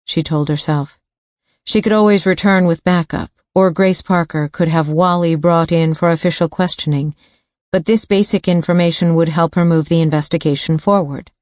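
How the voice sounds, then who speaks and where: A woman reading a thriller audiobook in a steady, even narration on a studio mic. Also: deep voice, moderate pace, no room sound.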